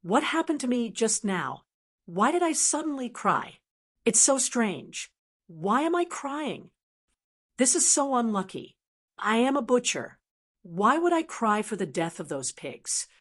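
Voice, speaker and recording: A woman's voice: a little high, very animated, unhurried. A woman voicing a grumbling, bewildered butcher. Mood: puzzled grumbling. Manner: puzzled, complaining.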